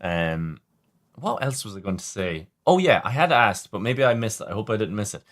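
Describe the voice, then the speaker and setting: A man's voice: on the low side, expressive, moderate pace, a bit bright. A man hosting a casual livestream, chatting with viewers in a rambling way, often stumbling and restarting. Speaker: livestream host reading chat.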